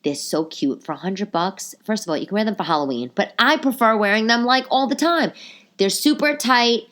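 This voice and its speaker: A woman's voice: a little high, expressive, a little fast, a bit bright. A middle-aged woman hosting her own podcast, a little nasal today, chatting and telling rambling stories with lots of asides. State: a bit nasal from a cold. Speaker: podcast host. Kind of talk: casual solo podcast chat.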